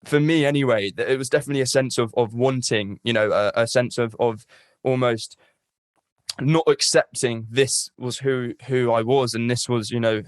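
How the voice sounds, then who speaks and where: A man's voice: mid-range voice, no room sound, studio quality. A man hosting a podcast interview, speaking thoughtfully with many fillers and restarts. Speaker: podcast host. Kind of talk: reflective conversational interview.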